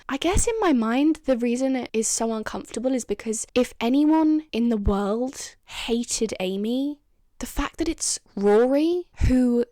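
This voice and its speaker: A woman's voice: on the high side, warm tone, dry recording, studio quality. A woman vlogging in a casual, chatty way, laughing often and acting out lines she quotes. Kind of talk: casual chat.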